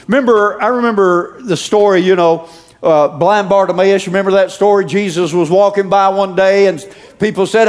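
A man preaching a sermon to a congregation, asking them questions and calling out louder as he builds. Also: sits high, normal speed. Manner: preachy, calls out to the congregation with rising shouts. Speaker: pastor.

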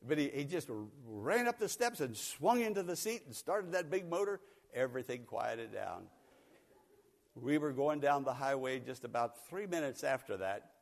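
Older preacher telling folksy stories. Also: male voice, mid-range voice, moderate pace, creaky, long reverb tail. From Pennsylvania. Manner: folksy, animated, chuckles often. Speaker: pastor. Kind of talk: sermon with storytelling. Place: church sanctuary.

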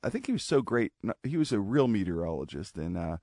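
A man's voice: lowish voice, very animated, fast talker, darkish tone, no room sound, clean studio sound. A male talk show host chatting loosely, rambling and laughing along with his guest. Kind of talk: casual talk-show chat.

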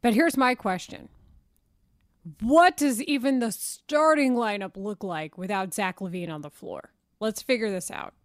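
A woman co-hosting sports talk radio in a studio, lively and questioning. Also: medium pitch, unhurried, no echo. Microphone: studio mic.

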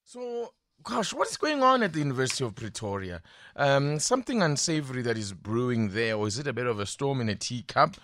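A man's voice: medium pitch, very animated, a little fast, fairly bright tone, dry recording, studio quality. A man with a South African accent hosting a breakfast radio interview, asking probing, conversational questions. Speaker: radio host.

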